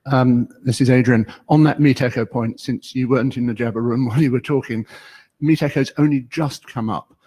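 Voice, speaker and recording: A man's voice: medium pitch, fairly even intonation, a little fast, dark tone, breathy edge. A man helping with remote participation, making a lightly teasing, dry announcement to the meeting chair. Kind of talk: meeting discussion.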